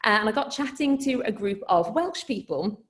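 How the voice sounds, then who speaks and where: Scouse woman telling a funny story to a crowd, voice a bit high, keeps cracking herself up, swears a lot. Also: lively intonation, normal speed. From Liverpool, England. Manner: chatty, self-mocking, laughs mid-sentence; blunt, swears freely. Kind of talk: comic live storytelling.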